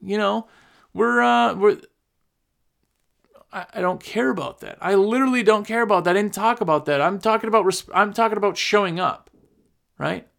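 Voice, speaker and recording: A man's voice: high-pitched, fast talker, gravelly, fairly bright tone. A man giving casual, rambling business advice, repeating himself and acting out his customers. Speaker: cleaning business coach. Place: recording on his phone.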